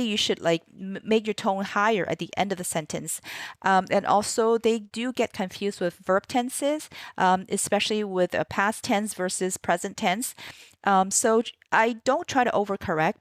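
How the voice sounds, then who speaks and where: A woman's voice: medium pitch, no room sound, clean studio sound. A woman ESL teacher walking through a kids' lesson plan in a chatty way, with many fillers and "right?" tags.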